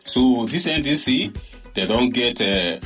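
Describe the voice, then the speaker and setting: A man talks in a Nigerian Pidgin accent at a middle pitch, hosting an informal commentary show. He is chatty and exclamatory and keeps dropping in fillers. Faint music plays underneath. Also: expressive, measured pace, fairly bright tone. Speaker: radio or online show host.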